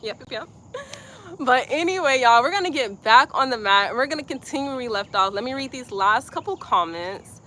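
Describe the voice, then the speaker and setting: A young woman from Georgia, leading a live-streamed yoga class with soft, slow breathing cues and chatty asides. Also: a little high, expressive. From Georgia, USA. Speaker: yoga instructor.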